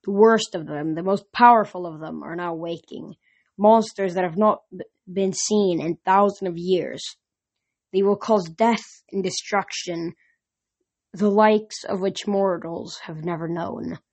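A woman's voice: lowish voice, a little mellow. A woman voicing a sinister male monster posing as a teacher, cold and mocking. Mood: menacing. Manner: cold, mocking, slow menace.

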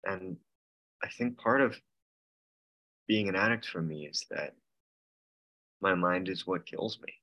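Deep-voiced young man, earnest. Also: bright, forceful tone, lo-fi sound. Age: 20s. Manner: earnest, halting, laughs nervously. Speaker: meeting member sharing. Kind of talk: casual personal share. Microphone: video call.

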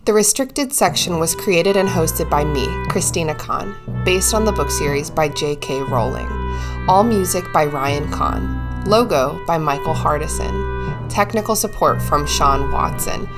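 A woman's voice: low voice, expressive, measured pace, over loud music. A woman hosting a podcast, chatting casually, swearing freely and laughing often. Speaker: podcast host.

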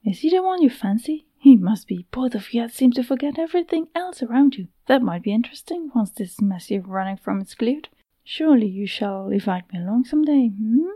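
A woman's voice: fairly high pitch, expressive, a little fast, warm tone, no room sound. A woman doing a pushy, teasing young woman. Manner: chatty, talks over others, teasing.

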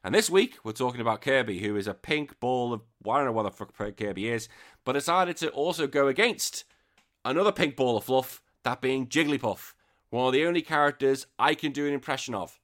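A man's voice: medium pitch, expressive, a little fast, a bit bright. A man hosting a casual podcast, reading comments in an exasperated, ranting, sweary way. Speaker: podcast host.

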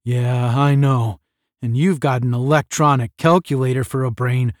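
A man doing gruff, weary cadet Astro. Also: medium pitch, steady tone, normal speed, dry recording, studio quality, close to an everyday voice. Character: big, strong young male cadet Astro, tired and gruff.

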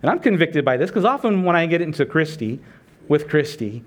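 A man's voice: fairly high pitch, big pitch swings, brisk. Conversational man preaching a sermon. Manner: conversational preaching, asks rhetorical questions, acts out quoted prayers. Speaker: pastor.

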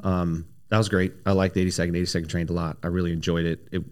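A man, a former army special operations soldier, telling long stories as a podcast guest, animated and full of fillers and restarts. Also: deep voice, rapid-fire. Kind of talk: casual interview storytelling.

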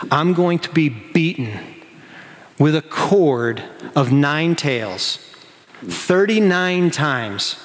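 A man preaching a sermon as a pastor, animated, acting out the disciples in quick excited asides. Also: a little high. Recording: long hall reverb.

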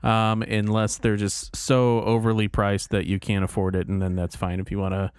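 A man's voice: on the low side, completely flat delivery, moderate pace, clear, resonant tone, no echo. A man co-hosting a casual podcast, easygoing and laid-back, wrapping up the show and pointing listeners to places to buy. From Texas. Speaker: podcast co-host. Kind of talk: casual chat.

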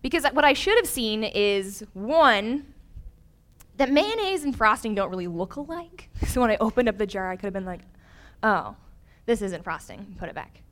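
A young woman preaching a sermon, telling a personal story with lively, animated voices for the people she quotes. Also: on the high side, moderate pace.

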